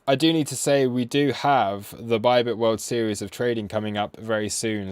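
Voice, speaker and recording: A young man from the UK runs a live crypto trading stream, chatting loosely and joking at his own expense as he reads viewers' requests. His voice sits at an ordinary middle pitch. The sound is dry and close, with no room echo. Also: steady tone, normal speed, few pauses, smooth. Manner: chatty and self-deprecating, reacting to chat. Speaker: crypto trading livestream host. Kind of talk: casual livestream chat.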